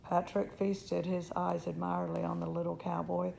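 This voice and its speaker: A woman reading a children's novel aloud in steady storytelling, now and then slipping on a word. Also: fairly low pitch, moderate pace, gravelly, a little hiss or hum, rough recording. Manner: steady storytelling, slips on words. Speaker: reader.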